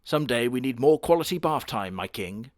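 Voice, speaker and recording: A man putting on a smug young male anime hero, speaking in a mocking, syrupy way and a little lower than his usual voice. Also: animated, brisk, no echo, studio quality, lightly acted.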